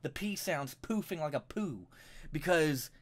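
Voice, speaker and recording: Brief: ranting vlogger, foul-mouthed and fed up, pitch leaping all over, mic a bit distant. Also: expressive, unhurried, slight background noise. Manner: profane, exasperated, rambling. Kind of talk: angry ranting commentary. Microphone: microphone a little way off.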